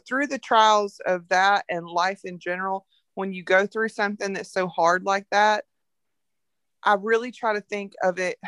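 A woman with a Southern American accent, a coffee entrepreneur talking frankly and telling animated stories as a podcast guest. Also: mid-range voice, no room sound, studio quality. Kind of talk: casual podcast conversation.

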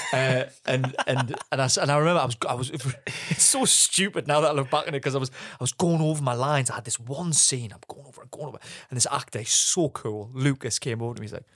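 Young man, podcast co-host, lively storyteller, close dry mic. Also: medium pitch, quick pace, hardly any pauses, no echo. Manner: animated storyteller, acts out quoted voices. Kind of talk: casual chat.

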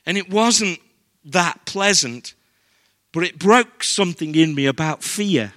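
A man's voice: fairly high pitch, lively intonation, unhurried, sharp tone. An older man with an English accent, preaching a sermon as pastor in an earnest, conversational way.

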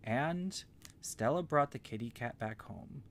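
A man telling an improvised bedtime story to a child in a gentle, meandering way with simple words. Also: mid-range voice, expressive, measured pace, a little hiss or hum.

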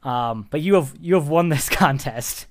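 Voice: mid-range voice, lively intonation, normal speed. Giggly, rambling game master. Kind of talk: narrating a tabletop game.

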